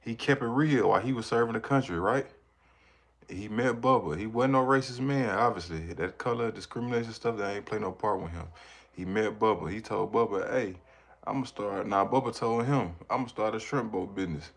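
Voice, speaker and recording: A man's voice: on the low side, brisk. A man, a parent, chatting casually on a livestream, rambling and reacting to viewers' comments. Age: adult with children. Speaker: livestreamer reading chat. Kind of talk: casual live chat.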